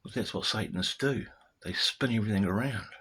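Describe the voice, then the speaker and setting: A man's voice: lowish voice, quick pace, a bit bright, husky. A man talking straight to his viewers in a loose, ranting monologue, repeating words and firing off rhetorical questions. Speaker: vlogger. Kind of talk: casual spoken monologue to camera.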